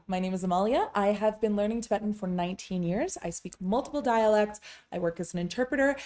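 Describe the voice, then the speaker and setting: Mellow and mid-range, this English-speaking woman is a Tibetan language teacher and interpreter. Casual and a bit wry, she gives a chatty lesson on Tibetan sounds to camera, dropping asides and slowing to show crisp vowels.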